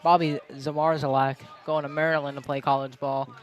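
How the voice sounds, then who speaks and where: A young man doing play-by-play for a high school baseball game outdoors, chatty and going off on tangents between pitches. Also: flat delivery, fairly quick, lo-fi sound. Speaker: play-by-play announcer.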